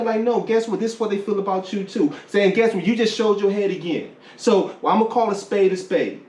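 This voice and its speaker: A man with a high voice, animated and slangy, jumping into the debate again and again. He sits back from the microphone, so he sounds distant and roomy. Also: normal speed, few pauses. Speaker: podcast co-host. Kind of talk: heated casual discussion. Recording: echoey room, distant from the mic.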